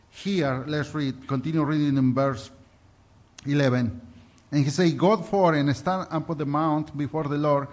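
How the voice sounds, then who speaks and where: A man with a somewhat high-pitched voice preaches a heartfelt sermon. He reads scripture aloud and shares his own experience in an earnest, halting way, often stopping to restart a thought. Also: fairly even intonation, darkish tone. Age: adult. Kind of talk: sermon mixing Bible reading and personal testimony.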